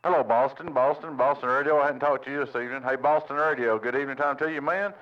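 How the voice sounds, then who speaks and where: A man's voice: mid-range voice, fairly even intonation, quick pace. A man from Tennessee, chatting on CB radio in a friendly way and repeating his sign-off. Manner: friendly, repetitive call-sign sign-offs. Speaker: CB radio operator. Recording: lo-fi radio with static.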